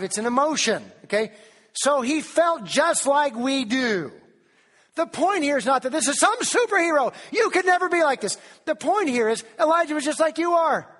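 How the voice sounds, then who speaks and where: A preacher from Tennessee, delivering an animated sermon that keeps putting questions to the congregation and quotes King James scripture. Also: very high-pitched, big-room sound.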